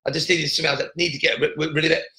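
A man's voice: on the high side, level tone, racing, bright, forceful tone, echoey room, poor audio. A man hosting a motivational podcast, talking earnestly with lots of repeats and restarts. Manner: earnest, repetitive, many restarts. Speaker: podcast host.

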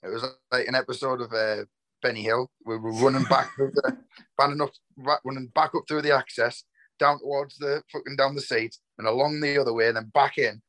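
A man, co-hosting a podcast and telling a funny memory in casual chat, quick and laughing. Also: mid-range voice, level tone, a bit bright.

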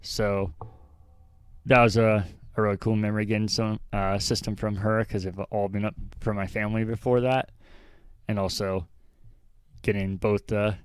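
A young man with a low, smooth voice hosting a relaxed gaming podcast. He thinks out loud and rambles through his points, poking fun at himself. The sound is dry and close. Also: normal speed, dry recording. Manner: rambling, self-deprecating, thinks aloud. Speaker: podcast host. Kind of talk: casual chat.

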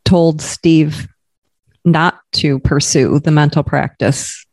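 A woman co-hosting a podcast with a fairly low voice for a woman. She is recorded dry and close. She asks curious, gently probing questions in a relaxed, conversational way. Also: slow pace, husky, dry recording. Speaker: podcast co-host.

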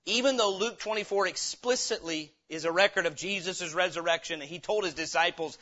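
A man preaching in a high, bright voice, pressing his points hard and tossing questions out to the congregation. The recording is dull and lo-fi, like an old church tape. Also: a little fast. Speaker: pastor. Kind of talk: sermon, Bible teaching.

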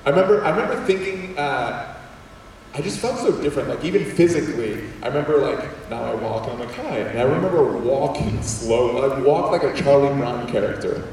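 A man telling a personal story to an audience of students, animated and quick to act out voices, with many restarts. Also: mid-range voice, slight background noise. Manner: animated, acts out voices, repeats words. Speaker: speaker addressing students. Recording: echoey hall from far off.

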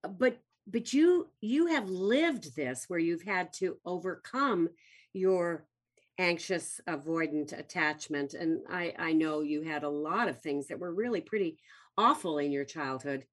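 A woman's voice: on the low side, lively intonation, measured pace, slightly rough. A woman therapist hosting a casual interview, agreeing often and restarting her sentences. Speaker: host, therapist.

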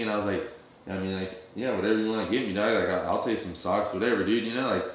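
A man's voice: on the low side, quick pace, slight background noise. A young man telling a story in casual, streetwise slang, acting out the quoted dialogue as he goes. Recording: very echoey room.

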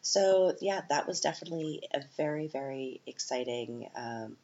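Very low-voiced woman chatting candidly. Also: expressive, normal speed, mellow. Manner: chatty and candid, with many fillers and self-corrections. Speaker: podcast host and mother. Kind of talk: casual solo podcast monologue. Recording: slightly muffled with faint hiss.

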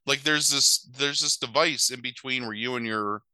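A man's voice: medium pitch, normal speed, bright, forceful tone, no echo, low-quality recording. A man casually retelling a movie plot in a rambling way, full of fillers, acting out the characters' lines. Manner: rambling, filler-heavy retelling with exaggerated quoted voices. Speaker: podcast co-host recapping a movie. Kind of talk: casual chat.

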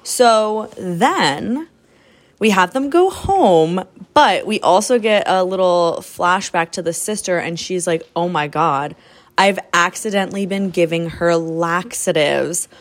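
A woman co-hosting a podcast, chatting casually about a movie, lively and quick to laugh as she acts out scenes. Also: on the low side. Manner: animated, laughs often, acts out quoted lines. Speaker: podcast co-host. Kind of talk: casual chat recapping a movie.

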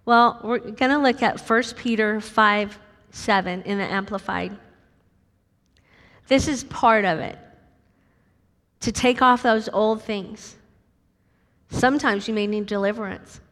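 A middle-aged American woman preaching a sermon, animated and acting out voices with sudden high squeaks. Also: takes it slowly, long pauses. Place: large church hall. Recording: long hall reverb.

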